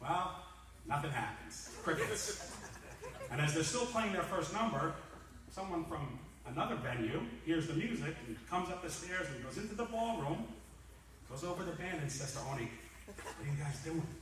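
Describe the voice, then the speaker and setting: A man giving a comic roast speech in a large banquet hall, telling stories in a lively way and acting out the characters. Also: fairly high pitch, normal speed. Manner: lively storyteller, acts out the characters. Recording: echoey hall, distant mic.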